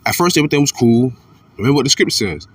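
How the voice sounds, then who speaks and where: A man giving an informal religious commentary monologue. He is blunt and profane, repeats himself, and swings between fired-up outbursts and low muttering. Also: expressive, rapid-fire, breathy edge, dry recording, far from the mic.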